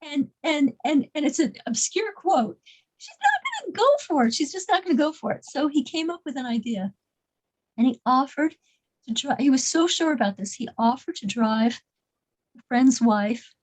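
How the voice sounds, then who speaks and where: A woman's voice: high-pitched, expressive, moderate pace, a little mellow, rough recording. A woman casually telling a story to a small group as its leader, often repeating words and restarting her sentences.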